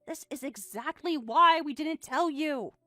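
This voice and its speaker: A woman's voice: sits high, unhurried, bright, forceful tone, no echo, studio quality. A synthetic female text-to-speech voice reading a bratty, dismissive teenage daughter in a text-message story.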